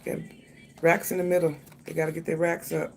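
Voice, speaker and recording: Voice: medium pitch, completely flat delivery, brisk, vocal fry, darkish tone, faint music behind. A tarot reader giving a casual reading, thinking aloud, speaking straight to the viewer and swearing freely.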